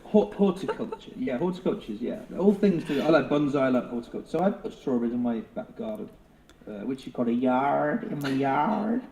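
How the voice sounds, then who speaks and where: A man's voice: medium pitch, brisk, dark tone, reverberant. A British man chatting playfully on a live stream, joking and rambling with restarts. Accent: British English. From England. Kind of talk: jokey casual chat.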